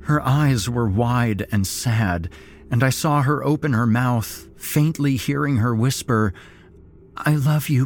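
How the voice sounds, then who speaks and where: Male horror narrator, deep and unhurried, grim and dramatic. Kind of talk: first-person horror story narration.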